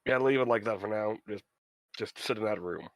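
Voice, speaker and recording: A man with a somewhat low voice talks as a player at a tabletop game, blunt and matter-of-fact. The recording is dry and close. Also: brisk, dry recording. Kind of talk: casual tabletop game chat.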